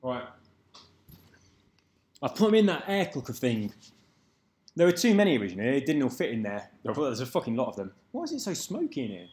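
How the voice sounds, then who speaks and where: A man's voice: medium pitch, huge pitch swings, brisk, long pauses, a little mellow, echoey room. A man chatting casually and rambling on, cursing now and then, at home. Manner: rambling, loose, swears casually. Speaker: video commentator. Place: at home, moving away from the mic.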